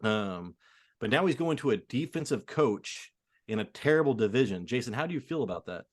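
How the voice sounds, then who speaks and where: A man's voice: mid-range voice, expressive. A man co-hosting a fantasy football podcast, talking casually and opinionatedly with lots of fillers. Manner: filler-heavy, quick, opinionated. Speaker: podcast co-host. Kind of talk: casual sports chat.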